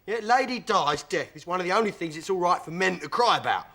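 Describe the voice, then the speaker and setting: An actor playing a brash, self-assured pub landlord who blusters and holds forth in a sitcom. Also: male voice, high-pitched, expressive, fast, sharp tone, exaggerated voice. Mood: blustering. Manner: blustering and know-it-all. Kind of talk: sitcom acting.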